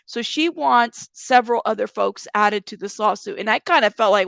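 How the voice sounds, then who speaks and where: A woman talks to her channel audience in a loose, rambling commentary, restarting sentences and swearing freely. Her voice sits a little high with a gravelly fry. The recording is dry and close. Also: moderate pace, fairly bright tone, no echo. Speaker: YouTube commentary host. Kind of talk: casual commentary.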